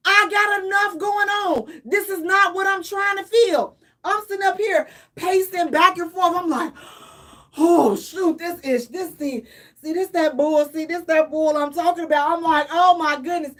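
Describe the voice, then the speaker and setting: A middle-aged woman, co-hosting a radio talk show and dramatically acting out her own panic as she tells a story. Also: very high-pitched. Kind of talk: animated storytelling chat.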